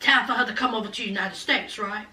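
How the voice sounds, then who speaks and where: A woman's voice: fast, pushed and bright, echoey room, distant mic. A woman hosting a reality TV recap in a casual, sassy chat, calling viewers y'all and honey and acting out quotes with big swings in her voice. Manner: acts out quotes with big swings in pitch and volume.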